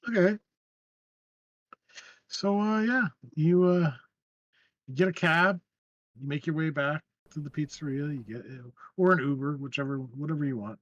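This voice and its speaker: A man's voice: a little high, moderate pace, long pauses, fairly bright tone, no room sound, lo-fi sound. A man running a tabletop game as game master, narrating in a rambling way with frequent restarts. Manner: rambling, with many fillers and restarts.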